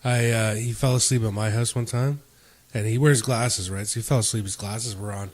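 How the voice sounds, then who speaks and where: A man co-hosting a casual podcast chat, a lively storyteller who swears freely and laughs through his tales. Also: on the low side, normal speed. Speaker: podcast co-host.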